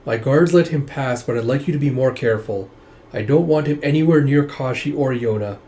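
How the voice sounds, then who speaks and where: A man reading aloud the lines of a cold, stern prince from a comic, in a flat, clipped way. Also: medium pitch, fairly quick, lightly acted.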